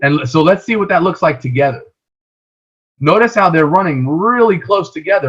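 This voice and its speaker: A man's voice: a little high, expressive, normal speed, fairly bright tone, breathy edge, highs cut off. A man teaching a trading lesson over a shared screen, explaining patiently and often checking in with "right?".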